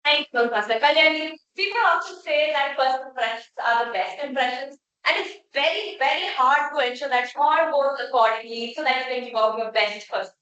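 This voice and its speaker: A woman's voice: sits high, moderate pace, few pauses, pushed and bright, highs cut off, a little hiss or hum. A young woman hosting a club meeting, formally introducing each speaker by title. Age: young adult. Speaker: meeting host. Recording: echoey room, voice from far off.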